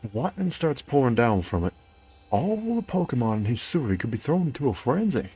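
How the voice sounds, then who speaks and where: A man's voice: medium pitch, very animated, moderate pace, mellow, breathy edge, faint music behind, pitched above the performer's own voice. A man voicing an earnest, grateful male clan member from a video game, reading the lines in a put-on drawl that slides between cowboy and Australian. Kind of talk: reading game dialogue aloud.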